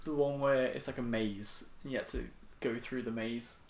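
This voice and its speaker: A man co-hosting a casual film podcast, eager and quick when telling stories. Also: medium pitch, fairly even intonation, gravelly, a loud crowd. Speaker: podcast co-host. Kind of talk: casual chat. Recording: echoey room.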